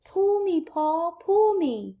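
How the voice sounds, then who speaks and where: A woman's voice: very high-pitched, very animated, slow, lo-fi sound, pitched above the performer's own voice, exaggerated voice. A woman reading aloud, voicing a small talking pigtail that coaxes and pleads. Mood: wheedling. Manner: wheedling, pleading.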